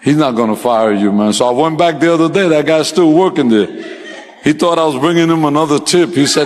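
A male pastor preaching a sermon, telling funny personal stories in a casual way, laughing often and climbing to loud, high-pitched peaks. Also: a little fast, big-room sound, a little hiss or hum, poor audio. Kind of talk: sermon with humorous storytelling. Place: church sanctuary.

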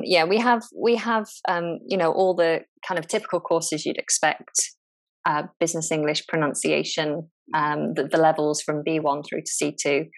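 A woman who teaches English, a guest in a relaxed interview, talking thoughtfully and often restarting her sentences. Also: low voice. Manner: thoughtful, frequent restarts and repeated words. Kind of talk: casual conversational interview.

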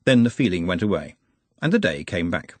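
A man reading a novel aloud as an audiobook narrator, in a wry, expressive manner. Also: sits low, a little fast, no echo. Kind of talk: scripted narration.

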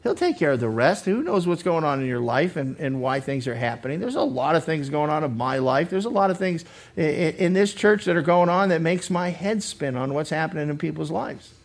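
Preaching earnestly during a Bible study, this pastor speaks fairly quickly in an expressive, somewhat high voice, frequently restarting and repeating words. When voicing the people he quotes, he bursts into abrupt loud lines.

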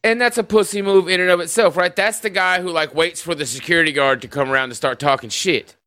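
Male stream host, bright and smooth, loose profane rambler. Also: on the high side, quick pace, no room sound, studio quality. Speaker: podcast host. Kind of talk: casual livestream conversation.

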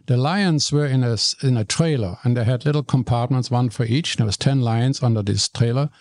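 An older man, a guest telling stories in an animated way, often stumbling and repeating words. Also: medium pitch, a little fast, dry recording, clean studio sound. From Germany. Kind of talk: storytelling in conversation.

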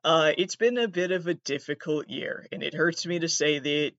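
A woman's voice: low-pitched, normal speed, fairly bright tone, no echo, dull audio. A woman in her twenties hosting her own podcast as a comedian, talking in a rambling, profane, self-deprecating way. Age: 20s. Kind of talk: casual solo podcast monologue.

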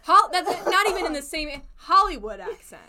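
A young woman from Virginia co-hosting a podcast, in casual chat with quick teasing comebacks. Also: very high voice, big pitch swings, noisy background. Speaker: podcast co-host.

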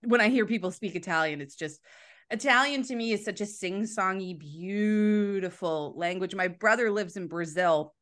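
A woman's voice: medium pitch, normal speed, a bit bright. A woman hosting a casual interview, chatty and enthusiastic, often saying "like". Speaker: interview host.

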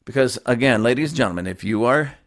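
A man's voice: medium pitch, animated, quick pace. A male pastor delivering a fiery, emphatic sermon, mocking and chuckling as he goes.

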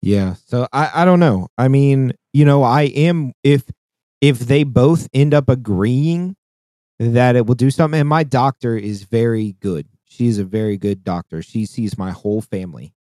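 A man's voice: mid-range voice, normal speed, mellow, no echo, studio quality. A man co-hosting a casual podcast chat, talking in a profane, rambling way with frequent restarts. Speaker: podcast co-host.

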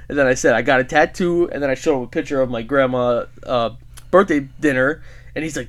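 A man's voice: mid-range voice, fairly quick. A young man co-hosting a podcast, telling a story in casual chat, quoting people as he goes, laughing often and swearing. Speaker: podcast co-host.

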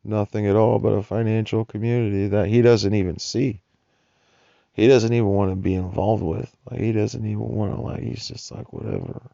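A man's voice: on the low side, fairly even intonation, normal speed, gravelly, mellow, no room sound, highs cut off. A man ranting in a rambling, profane monologue about life as a nomadic homeless person. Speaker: vlogger describing homeless life.

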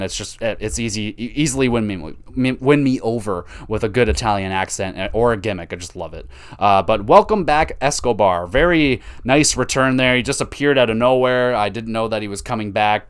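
A young man hosting a podcast, casually recapping a wrestling show with profane, rambling, self-mocking asides and sudden bursts of excitement. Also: fairly low pitch, clear, resonant tone. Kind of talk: casual solo recap commentary.

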